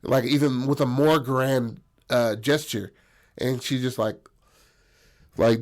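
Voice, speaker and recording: Brief: casual male podcast storyteller, rambling and profane, average pitch. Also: steady tone, measured pace, darkish tone. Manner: rambling, profane, filler-heavy.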